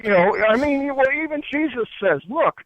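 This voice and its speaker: A man's voice: extremely high pitch, animated, moderate pace, fairly bright tone, a little hiss or hum. A man from upstate New York, a spiritual teacher and guest, explaining crystals and spirits in an earnest, rambling way full of fillers and restarts. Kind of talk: casual spiritual teaching talk. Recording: dry, tinny phone-line sound.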